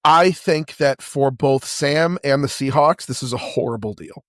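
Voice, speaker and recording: A man's voice: medium pitch, a little slow, dry recording, studio quality. A man co-hosting a podcast, bantering casually. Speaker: podcast co-host. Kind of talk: casual chat.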